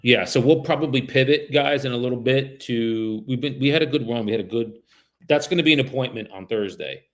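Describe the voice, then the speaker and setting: Casual slangy man cold-calling live. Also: brisk. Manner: casual slangy chat to viewers, politer and higher on calls. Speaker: real estate broker.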